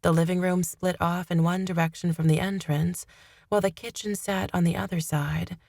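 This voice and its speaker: Low steady woman reading a fantasy audiobook, dry close sound. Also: moderate pace, gravelly, no room sound. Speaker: audiobook narrator. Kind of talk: first-person audiobook narration.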